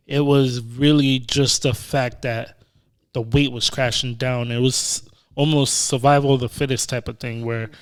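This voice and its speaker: A man co-hosting a casual podcast, talking in a relaxed way with lots of fillers and restarts. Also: mid-range voice, measured pace, smooth. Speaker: podcast co-host. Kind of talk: casual chat.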